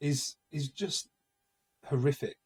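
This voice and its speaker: A man's voice: fairly high pitch, takes it slowly, a little mellow. A man in his forties co-hosting a casual comedy podcast, telling self-mocking stories and often laughing at them. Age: 40s. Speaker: podcast co-host.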